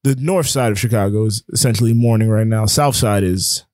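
A man's voice: on the low side, fairly quick, a little mellow, dry recording, clean studio sound. A man co-hosting a podcast, talking baseball in easygoing casual chat with many fillers. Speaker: podcast co-host.

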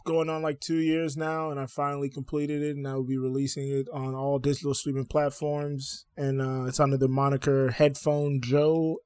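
A man's voice: mid-range voice, flat delivery, normal speed, few pauses, darkish tone, smooth, dry recording, clean studio sound. A man in his twenties, co-host of a podcast, talking candidly in casual banter with fillers and easy laughter. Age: 20s.

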